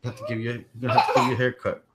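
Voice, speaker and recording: A man chatting casually on a home livestream, his voice sitting at an ordinary middle pitch. He rambles, circles back over the same points and keeps turning aside to coax his little boy. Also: little pitch movement, very fast, very noisy. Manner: rambling, repeats himself, talks to his small son on stream. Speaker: tech channel host.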